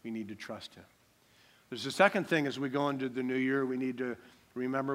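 Male preacher, bright and emphatic, call-and-response sermon delivery. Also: medium pitch, moderate pace. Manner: emphatic, repeats key lines, call-and-response. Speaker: pastor.

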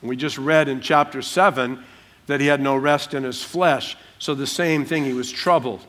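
A man, a pastor preaching a sermon and teaching through a passage verse by verse, breaking into small acted-out scenes in softer voices. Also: medium pitch, moderate pace. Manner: animated, acts out little scenes in dropped voices.

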